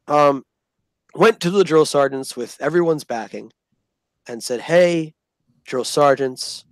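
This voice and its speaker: A man tells a long, profane story to the camera in a relaxed vlog style. His voice sits a bit high, and he leans into the people he quotes. The sound is dry and close, with no room around it. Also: no room sound. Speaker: storyteller recounting army basic training.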